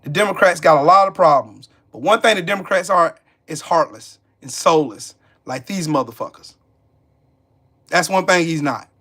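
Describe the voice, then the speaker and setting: A man's voice: on the high side, normal speed, sharp tone, husky. A man with a Southern American accent hosting a live stream, ranting about politics bluntly and profanely, repeating himself for emphasis and answering chat.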